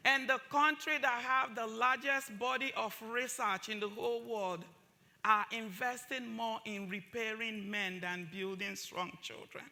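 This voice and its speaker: Forceful woman, high gravelly voice. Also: steady tone, a little slow. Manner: emphatic, repeats phrases for force. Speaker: summit speaker. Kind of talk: impassioned public talk.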